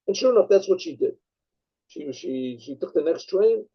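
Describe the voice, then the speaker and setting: A rabbi tells a story in a gravelly, husky voice that sits fairly high for a man. He rambles, restarts his sentences and clears his throat often. The recording is dull and lo-fi. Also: big pitch swings, unhurried. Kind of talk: storytelling talk.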